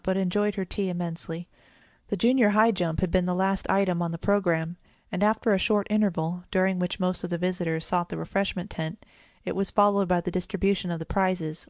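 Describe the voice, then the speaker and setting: A woman giving gentle, even scripted narration of a children's storybook. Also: fairly low pitch, dry recording. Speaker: audiobook narrator.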